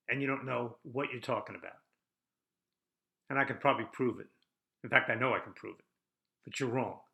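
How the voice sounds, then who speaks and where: A man's voice: medium pitch, creaky. Brash older male podcast host. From United States. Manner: combative, rhetorical, lively ups and downs. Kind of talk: opinion podcast monologue.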